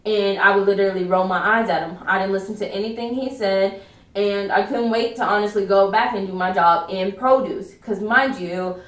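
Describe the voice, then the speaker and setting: A woman's voice: mid-range voice, fairly even intonation, moderate pace. Storytime vlogger, woman, chatty, heard from back off the mic in an echoey room. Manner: chatty retelling full of "like". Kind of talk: storytime vlog. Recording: roomy, distant from mic.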